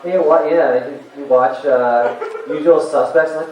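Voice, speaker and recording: On a convention stage in front of a live audience, a man around forty delivers an animated, meandering stand-up routine packed with fillers and self-laughs. His voice runs high and his pace is measured. The sound is very noisy, heavily echoey, distant and muffled.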